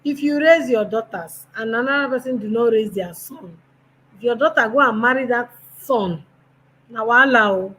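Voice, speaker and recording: A woman's voice: fairly high pitch, normal speed, a bit bright, slight background noise, low-quality recording. A woman with a Nigerian accent hosting a conference, chatty and bantering with the audience. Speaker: conference host. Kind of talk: casual stage hosting.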